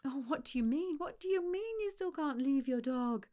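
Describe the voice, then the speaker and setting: A woman's voice: expressive, normal speed, warm tone. A woman mimicking a smug, incredulous friend. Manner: mocking, incredulous, high and sing-song. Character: smug, condescending woman friend with a perfect dog.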